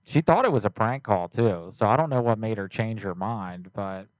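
Role: prank call host. Sex: man. Style: livestream banter. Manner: crude, relaxed. Mic: close studio mic. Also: on the low side, normal speed, dry recording. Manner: crude, laid-back, calls people honey.

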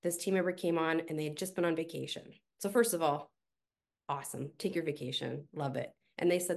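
Low, gravelly-voiced woman coach. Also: fairly quick. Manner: animated storyteller with fillers. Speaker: podcast guest, team coach. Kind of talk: conversational podcast interview.

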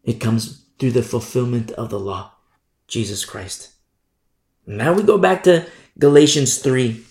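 This pastor's voice sits a little high and has a gravelly texture, echoing in a reverberant room. He preaches emphatically, circling back to key phrases and moving from booming statements to hushed remarks.

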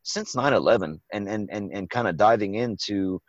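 A low-voiced man rambles through a movie recap in casual podcast chat, swearing freely and acting out lines from the film. The sound is dry and close, with a dull, lo-fi tone. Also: moderate pace, no echo. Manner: profane, rambling, acts out quotes. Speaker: podcast host.

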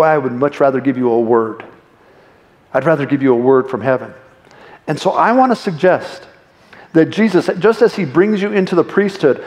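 A man's voice: fairly high pitch, darkish tone. A middle-aged male pastor giving a conversational, jokey sermon to his congregation. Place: church hall. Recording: echoey church room.

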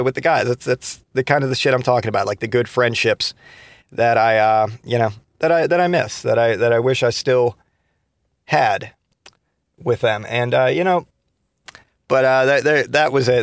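A man's voice: mid-range voice, normal speed, no room sound, studio quality. A man in his thirties telling rambling, profane stories from his past in a casual podcast monologue, full of restarts and fillers. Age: 30s. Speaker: podcast host.

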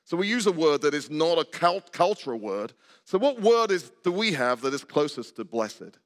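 An older man preaches a sermon in a church, his voice pitched a little above the usual. He keeps it conversational, putting questions to the congregation and cracking jokes. A long hall reverb trails after his words. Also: very animated, normal speed. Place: church sanctuary.

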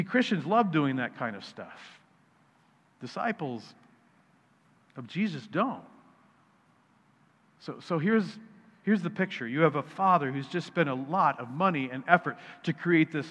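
A man's voice: a little high, a bit bright. A male pastor preaching a sermon in a conversational, needling way, restarting and repeating words as he goes. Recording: reverberant hall, dull sound.

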